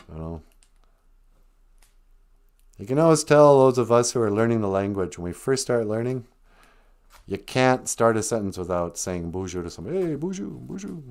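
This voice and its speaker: Lively chatty man on a live stream. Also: lowish voice. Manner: animated storytelling with laughs and put-on quotes. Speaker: host. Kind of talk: casual live stream chat.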